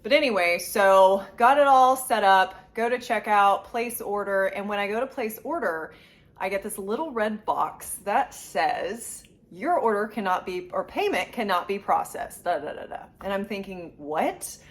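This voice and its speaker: A woman's voice: mid-range voice, animated. A woman vlogger venting in a rambling, frustrated casual rant to her viewers. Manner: frustrated, rambling, quick asides. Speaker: collector vlogger.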